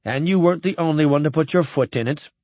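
A man's voice: a little high, fast talker, a little mellow, no room sound. A man reading an audiobook, voicing a firm, commanding male starship captain.

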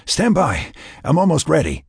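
A man voicing a young woman calling urgently over a radio link, with a raspy, strained voice. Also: high-pitched, huge pitch swings, slow pace, darkish tone, no echo, pitched above the performer's own voice, heavily acted.

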